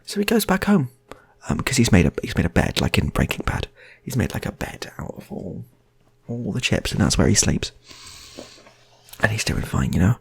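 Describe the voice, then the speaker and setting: A man's voice: fairly low pitch, wildly swooping pitch, moderate pace, vocal fry, slightly rough. A man improvising funny stories in a rambling, playful way, often restarting his sentences. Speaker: storyteller. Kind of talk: improvised comic storytelling.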